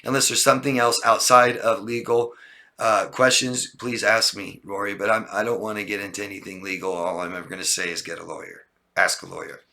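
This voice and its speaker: A man's voice: lowish voice, brisk. A man giving relationship coaching, talking casually and answering viewer questions, often acting out exasperated exchanges. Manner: animated, mimics people in exasperated voices.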